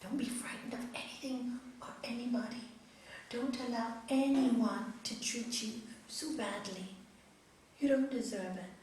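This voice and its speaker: Telling a spiritual tale to a group, a middle-aged woman who teaches yoga acts out the characters' voices with animation. Her voice is a little high and her pace measured. Captured from far off in an echoey hall, the audio carries a bit of hiss or hum.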